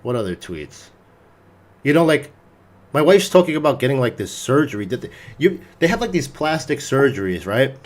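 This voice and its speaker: A young man, a podcast host, telling a story in casual chat, animated and full of swearing. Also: medium pitch, moderate pace.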